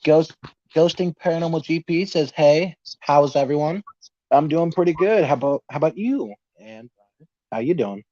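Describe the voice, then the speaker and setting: Brief: young male podcast host, higher-pitched, nervous, laughs often; dry, dull lo-fi recording. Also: moderate pace, warm tone, dry recording. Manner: nervous, laughing, reading viewer comments aloud. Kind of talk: casual livestream chat.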